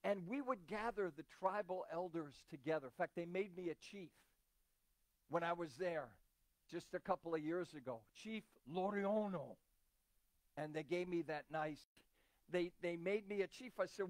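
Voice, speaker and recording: A man's voice: sits high, lively intonation, a little slow, dry recording. A man preaching a sermon as a visiting missionary, emphatic and repeating key phrases. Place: church.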